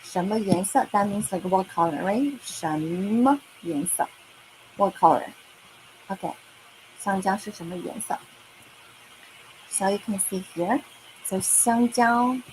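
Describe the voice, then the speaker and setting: A woman's voice: medium pitch, slow pace, pauses often, a little mellow, a little hiss or hum, rough recording. A woman teaching a lesson for kids, speaking patiently, repeating words and often checking with "okay?" and "right?". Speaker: Mandarin teacher. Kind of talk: online kids' language lesson.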